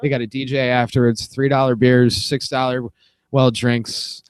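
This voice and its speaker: A man's voice: mid-range voice, little pitch movement, normal speed, smooth. A man, a comedian and show promoter, telling loose, laughing stories in casual podcast banter.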